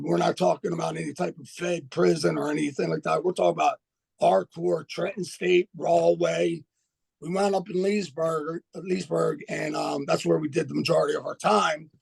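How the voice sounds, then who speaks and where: Gravelly older man, blunt and streetwise. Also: fairly high pitch, a little mellow. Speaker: podcast guest. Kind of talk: casual storytelling.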